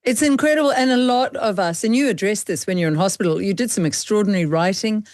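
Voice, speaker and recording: A woman with a New Zealand accent interviews a guest, encouraging him as she draws out his story. Her voice sits at an ordinary pitch, and the recording is dry. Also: fast, darkish tone, no echo. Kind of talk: interview questions.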